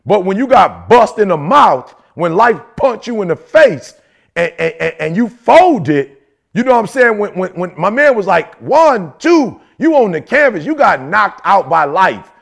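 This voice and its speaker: A middle-aged man co-hosting a podcast, talking in an animated, slangy motivational way and repeating phrases for emphasis. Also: high-pitched, normal speed, vocal fry. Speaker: podcast co-host. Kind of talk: motivational casual chat.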